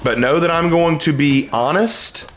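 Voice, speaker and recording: A young man takes chat's questions about faith during a live stream, responding with preacher-like earnestness and emphasis, and his pitch rises and falls as he preaches. He speaks without hurrying, over a faint hiss or hum.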